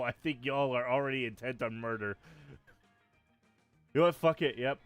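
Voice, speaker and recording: A man's voice: mid-range voice, moderate pace, smooth, faint music behind. A man casually talking through a video game on a live stream, swearing and laughing now and then.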